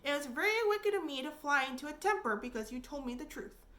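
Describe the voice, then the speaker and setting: A woman's voice: sits high, expressive, a little fast, a bit bright, voice pushed up. A woman voicing an eager, emotional orphan girl in a storybook reading, pleading earnestly.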